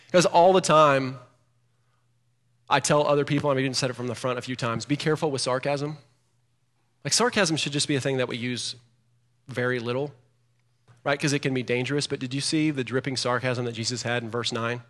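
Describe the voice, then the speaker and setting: A man preaching a sermon as pastor, animated and growing emphatic as he reads scripture aloud. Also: mid-range voice, brisk. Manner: animated, rising to emphatic loudness when quoting scripture. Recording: long hall reverb.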